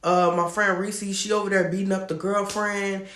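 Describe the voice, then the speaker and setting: A man telling a personal story to camera in a casual, animated, slangy way. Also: sits high, normal speed, roomy sound. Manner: animated, slangy, laughs often. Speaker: storytime vlogger.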